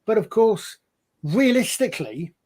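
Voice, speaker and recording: A podcast co-host with a somewhat high-pitched voice chats in a relaxed way at a measured pace. His long explanations ramble, and he keeps doubling back to restart his points in this casual conversation.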